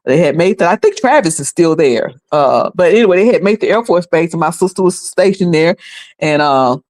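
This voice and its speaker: A woman's voice: fairly low pitch, lively intonation, fairly quick, darkish tone. A woman in her fifties hosting casual commentary, chatty, laughing often and restarting her sentences. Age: 50s. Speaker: commentary channel host.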